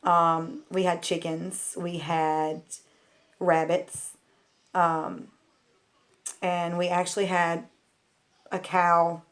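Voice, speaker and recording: A woman's voice: lowish voice, level tone, drawn-out words, pauses often. A woman telling childhood stories to her viewers in a casual, rambling way, full of "like" and "um". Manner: chatty and candid, talks straight to viewers. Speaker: vlogger. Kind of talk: casual storytelling.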